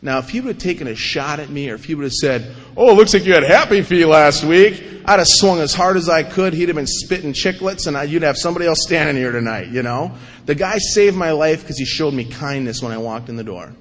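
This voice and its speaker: Guy telling his aa story up on stage, high voice, lots of hall echo, does goofy voices for people. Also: fast talker. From North Dakota. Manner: animated storytelling, acts out quotes in mocking voices. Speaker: AA speaker sharing his story. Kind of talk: recovery talk to an audience. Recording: live recording in a reverberant hall.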